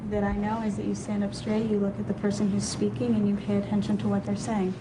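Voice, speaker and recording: Woman, workshop participant, defensive clipped answers, monotone, noisy archive recording. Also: mid-range voice, quick pace.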